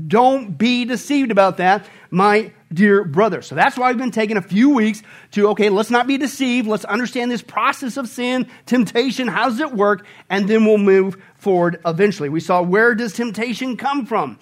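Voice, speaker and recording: A man preaching a sermon as pastor, emphatic, asking rhetorical questions and breaking into sudden loud outbursts. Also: high-pitched, moderate pace, few pauses.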